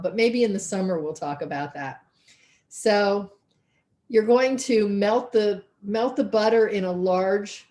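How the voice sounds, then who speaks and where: A woman's voice: mid-range voice, a little mellow. A woman teaching a cooking class over a video call, chatty and folksy, thinking aloud as she works. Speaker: cooking instructor.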